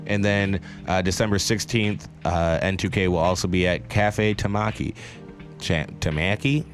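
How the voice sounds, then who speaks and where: A man's voice: low voice, steady tone, normal speed, faint music behind. Laughing young man co-hosting a podcast. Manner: laughs often, retells quotes in a sarcastic voice. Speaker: podcast co-host. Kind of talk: casual chat.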